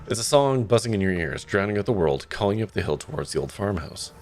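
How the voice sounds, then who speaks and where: Lively low-voiced male streamer. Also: fast talker, soft background music. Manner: reads narration then reacts with swearing and wry asides. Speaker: streamer playing a story game. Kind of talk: live let's-play commentary, reading the game text aloud.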